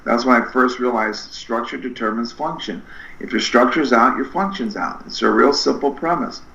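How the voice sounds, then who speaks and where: A middle-aged man with a bright, forceful voice tells his stories with lively energy and slips into different voices for the people he quotes. The sound bounces around an echoey room, and the recording is a little muffled. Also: medium pitch, normal speed, creaky. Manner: animated, acts out quoted dialogue with shifting voices. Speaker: podcast guest, spinal screener. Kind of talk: energetic storytelling interview.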